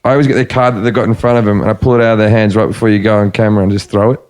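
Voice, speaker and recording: A man who is a comedian, chatting playfully with halting starts and frequent chuckles. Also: fairly low pitch, flat delivery, darkish tone. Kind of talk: casual chat.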